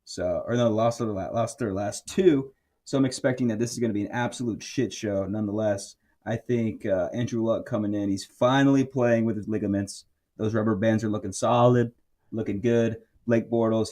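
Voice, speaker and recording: Low-voiced man in rambling sports chat. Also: fairly quick, warm tone. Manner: rambling, wisecracking. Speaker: podcast co-host.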